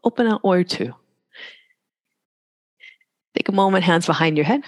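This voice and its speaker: In a studio with a long reverb tail, a yoga teacher gives live class cues at a mid pitch. She jokes casually between breath and pose counts, speaking expressively at a moderate pace.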